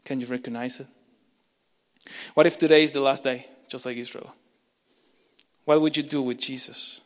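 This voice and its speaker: A man preaching a sermon as pastor, impassioned, with frequent repeats and restarts, swinging between urgent loud lines and hushed ones. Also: medium pitch, fairly even intonation, moderate pace. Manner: repeats words and restarts mid-phrase. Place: church sanctuary. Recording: long reverb of a large church.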